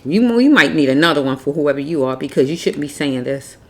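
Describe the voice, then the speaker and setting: A woman's voice: low-pitched, lively intonation, brisk, slight background noise. A woman giving a casual tarot reading, blunt and preachy, repeating herself as she scolds. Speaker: tarot reader.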